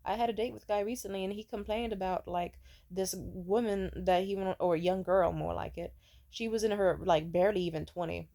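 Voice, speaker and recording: A woman's voice: medium pitch, steady tone, a little fast, creaky, dark tone. A young woman telling dating stories in a casual rant, blunt, profane and sarcastic, mocking people in put-on voices. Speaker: storyteller vlogger. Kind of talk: casual ranting storytime.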